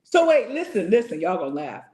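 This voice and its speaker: A woman's voice: fairly low pitch, a little fast, roomy sound. A woman co-hosting a casual live talk show, telling stories and acting out the voices of others. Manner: animated storyteller, acts out voices. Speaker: podcast co-host. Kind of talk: casual chat.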